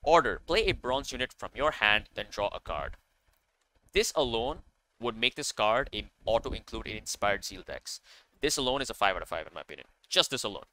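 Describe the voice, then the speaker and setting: A man's voice: lowish voice, big pitch swings, a little fast, bright, forceful tone, slight background noise. A man commenting casually on a card game, enthusiastic and rambling, with many fillers and self-corrections. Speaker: card game content creator.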